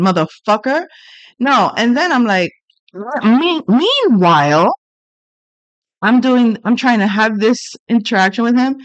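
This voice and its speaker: In a smooth mid-range voice on a dry recording, a middle-aged woman relates a personal story as a casual monologue. Her retelling is animated, blunt, and full of profanity, and she acts out the back-and-forth as she goes.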